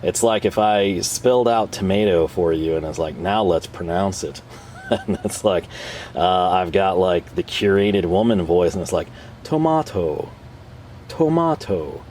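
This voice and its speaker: Man, very deep voice, casual tool review, rambling, chuckling, faint background noise. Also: fairly even intonation, normal speed, darkish tone. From North America. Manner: rambling, self-deprecating, chuckles often. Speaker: tool reviewer and channel host.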